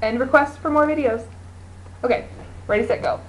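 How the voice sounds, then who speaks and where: A woman's voice: on the high side, brisk, faint music behind, rough recording. A young woman co-hosting a homemade video, improvising a silly story in a rambling, giggly way. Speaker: video co-host.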